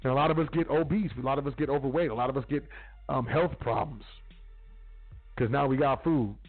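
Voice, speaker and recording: Male host, mid pitch, blunt slangy monologue, tinny phone-like line, soft music under it. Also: a little fast. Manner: street slang, blunt, profane. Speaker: podcast host. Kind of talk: casual monologue.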